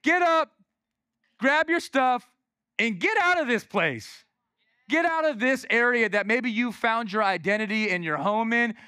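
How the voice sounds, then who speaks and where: A preacher voicing Jesus as blunt and urgent, repeating forceful commands. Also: male voice, sits high, normal speed, hardly any pauses, clean tone, dry recording, studio quality, voice pushed up. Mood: commanding.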